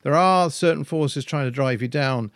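A man's voice: a little high, normal speed, no echo, studio quality. A man co-hosting a casual podcast chat, speaking thoughtfully with frequent restarts. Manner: hesitant, many restarts and fillers, thoughtful. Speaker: podcast co-host.

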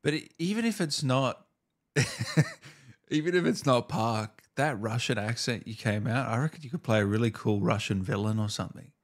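A man's voice: medium pitch, expressive, moderate pace. A man hosting an interview, asking loose, friendly questions and laughing easily. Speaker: host. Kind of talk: casual interview chat.

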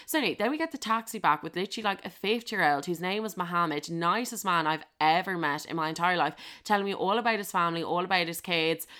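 A young woman with an Irish accent telling a story in a brash, profane, animated way on a podcast. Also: on the low side, fast, hardly any pauses. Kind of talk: casual anecdote storytelling.

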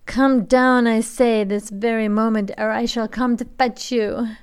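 A woman puts on a cruel husband who bellows his threats. When he turns cold, his words drop lower and slower, with a drawn-out menace. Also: fairly even intonation, darkish tone, smooth. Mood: raging. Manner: bawling threats, then cold and slow. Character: cruel, raging man with a sword.

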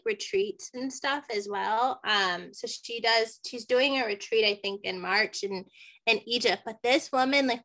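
A woman guest on a podcast telling a personal story in casual chat, acting out the dialogue and often saying "like". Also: fairly high pitch. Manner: animated, acts out dialogue, many "like" fillers.

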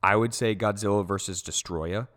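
A man's voice: on the low side, steady tone, normal speed, a bit bright. A man co-hosting a casual film podcast, talking with enthusiasm, swearing casually and filling his sentences with "like". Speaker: podcast co-host.

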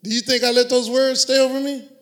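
A man preaches from the pulpit in an unusually high, ringing voice for a man. He is middle-aged and talks with emphatic call-and-response, pushing his listeners to answer back. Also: flat delivery, quick pace, fairly bright tone. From Houston area, US. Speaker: pastor. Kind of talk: sermon.

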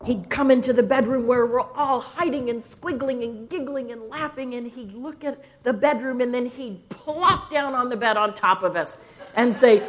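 An older woman minister giving a sermon, telling stories slowly and expressively with dramatic pauses. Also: fairly high pitch, a little hiss or hum.

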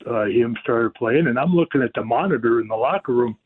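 A male guest on a radio show telling a lively story, acting out the voices of the people in it. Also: medium pitch, fairly quick, slightly rough. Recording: tinny phone line.

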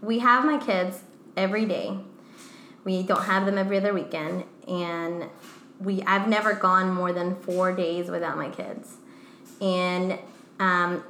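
A young mother co-hosting a casual chat, telling stories with animated retelling of conversations. Her voice sits in an echoey room with a faint hiss behind it. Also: on the low side. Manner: animated storyteller, acts out quoted dialogue.

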